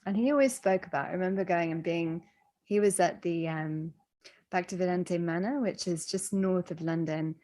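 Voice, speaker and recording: A woman with a slightly low voice speaks gently and thoughtfully. She tells her story at a measured pace in a reflective podcast conversation.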